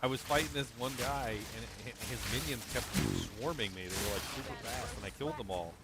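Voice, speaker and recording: A man's voice: medium pitch, brisk. A man streaming a video game, telling rambling stories in casual chat with lots of fillers. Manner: rambling storyteller, many fillers, loud acted quotes.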